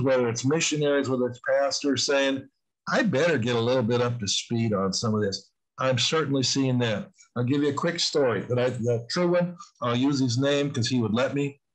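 A man's voice: mid-range voice, moderate pace, low-quality recording. Earnest man in his sixties, rambling. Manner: earnest, rambling with frequent restarts. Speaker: interview guest. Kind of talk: conversational interview talk.

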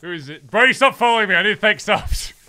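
A 23-year-old man streaming a game, chatting excitedly, swearing often and loudly protesting his innocence. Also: high voice, quick pace, clean tone, no echo. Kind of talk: casual gaming chat.

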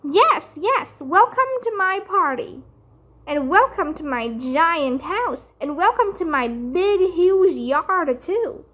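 A woman's voice: high-pitched, animated, measured pace, a bit bright. A woman voicing a spoiled, showy little rich girl in a storybook reading, with a whiny sing-song voice. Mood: showing off.

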